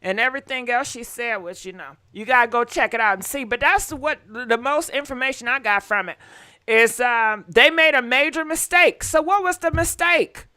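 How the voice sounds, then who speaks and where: Bright high-voiced woman gossip host. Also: moderate pace. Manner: chatty, swears, talks straight to viewers. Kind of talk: casual live-stream commentary.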